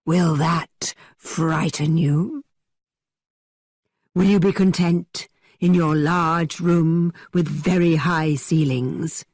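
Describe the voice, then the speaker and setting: A woman voicing a teasing young man who tells spooky tales in a dramatically low voice. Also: breathy edge, no room sound, studio quality, heavily acted. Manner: dramatically low, hushed storytelling.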